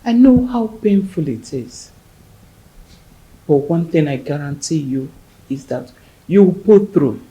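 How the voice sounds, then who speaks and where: An actress playing an earnest middle-aged widow who comforts a grieving friend in a film drama. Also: female voice, deep voice, lively intonation, a little slow, long pauses, dark tone, poor audio. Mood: consoling. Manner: soothing and earnest.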